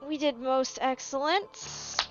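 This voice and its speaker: A woman's voice: high voice, takes it slowly, highs cut off. A woman game streamer chatting casually and rambling with self-deprecating humor, using a put-on English accent that keeps drifting into Southern. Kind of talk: casual live-stream chat. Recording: music playing under the voice. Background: game music.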